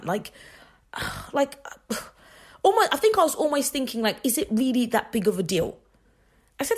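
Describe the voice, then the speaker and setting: A woman's voice: a little high, sing-song, unhurried, long pauses, a little mellow. A woman hosting a faith radio show, telling personal stories in a chatty, rambling way with frequent laughs and restarts. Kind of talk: casual faith talk monologue.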